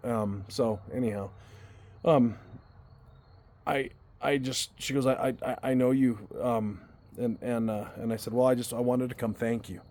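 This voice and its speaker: A man's voice: mid-range voice, warm tone. A man telling a personal story to his viewers in a casual, earnest way, often restarting and repeating words as he goes. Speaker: vlogger.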